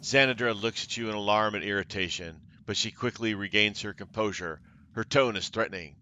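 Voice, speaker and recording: Laid back game let's play guy, fairly low voice, crisp, casual remarks. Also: fairly quick, bright, forceful tone, lo-fi sound. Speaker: gaming channel host. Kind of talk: let's play commentary and reading narration.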